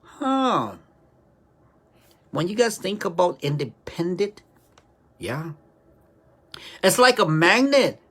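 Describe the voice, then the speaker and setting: Woman commentator, unhurried, animated intonation, preachy and questioning. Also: lowish voice, breathy edge. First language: Hmong. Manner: rhetorical, keeps asking "right?". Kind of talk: preachy opinion monologue.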